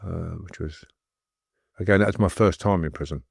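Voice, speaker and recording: A man's voice: low voice, moderate pace, vocal fry, a little mellow, breathy edge, dry recording, studio quality. A middle-aged man, a guest recounting stories in a rambling, anecdotal way. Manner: rambling, anecdotal, laughs while telling stories. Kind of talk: casual storytelling interview.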